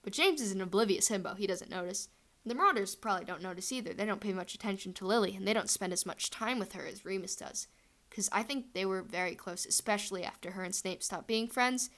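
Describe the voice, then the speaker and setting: A woman's voice: medium pitch, quick pace, fairly bright tone. A young woman telling a fan headcanon story in a chatty, rambling way, full of fillers.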